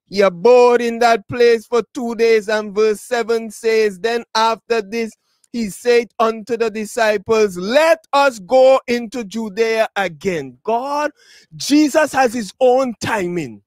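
A man preaching a funeral sermon, addressing the mourners directly, repeating his words and building to shouted, drawn-out phrases. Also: very high voice, dry recording. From Tobago.

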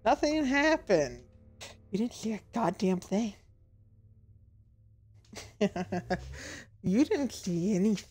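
A woman's voice: mid-range voice, animated, slow pace, pauses often, husky, soft background music. A woman streamer commentating a horror game as she plays, swearing a lot and laughing at her own mistakes. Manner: swings between loud shouted outbursts and muttering. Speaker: gaming streamer. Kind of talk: let's-play commentary.

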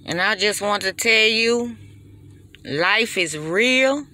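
A woman's voice: mid-range voice, animated, slow pace, pushed and bright. A woman, giving an impassioned, preachy monologue straight to her phone. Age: 40s. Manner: preachy, emphatic and repetitive. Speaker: vlogger.

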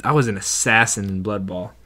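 A man co-hosting a podcast, chatting casually about a movie in quick, joking bursts. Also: on the low side, pushed and bright. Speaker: podcast co-host.

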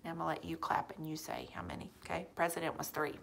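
A woman teacher giving a phonics lesson to young children at home, sounding out letter blends slowly and asking encouraging questions. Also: low voice, little pitch movement, creaky, very noisy.

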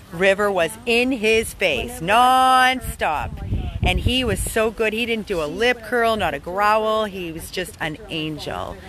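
A woman dog rescuer narrating a vlog outdoors in a yard on a handheld phone camera, enthusiastic and rambling in quick bursts. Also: fairly low pitch, a bit bright.

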